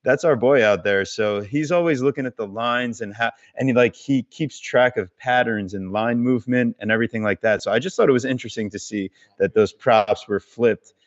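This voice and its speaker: A man's voice: medium pitch, fairly quick, lo-fi sound. A man guesting on a podcast, chatting casually in a laid-back, joking way. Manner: laid-back, joking, short agreeing replies.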